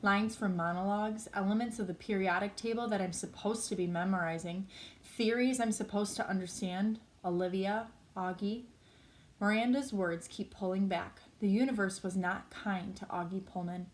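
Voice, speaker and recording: A woman at a middle pitch reads a novel aloud. Her delivery is plain and unpolished. She now and then stumbles over a word and corrects herself as she goes. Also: steady tone, normal speed, slight background noise. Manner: plain reading with small slips and self-corrections. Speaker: reader.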